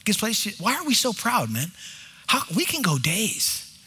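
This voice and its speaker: Brief: middle-aged man, pastor mid-sermon, high and lively, breaks into quick acted-out exchanges. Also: breathy edge. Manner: animated preaching, acting out short dialogues. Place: church.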